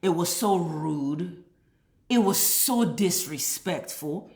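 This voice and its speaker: A woman's voice: fairly low pitch, expressive, takes it slowly, darkish tone. A woman giving a heated, exasperated reaction commentary, cursing freely as she vents. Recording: roomy echo.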